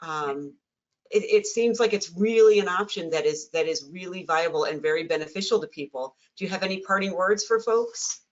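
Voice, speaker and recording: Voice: mid-range voice, moderate pace. A webinar moderator hosting a question-and-answer session in an upbeat, encouraging way. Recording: dull lo-fi webinar audio.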